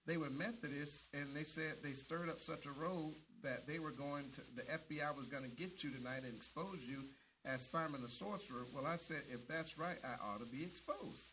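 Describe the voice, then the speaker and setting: A man's voice: a little high, normal speed, background noise. A man preaching a sermon with fervent emphasis, often repeating words as he restarts and punctuating lines with amens.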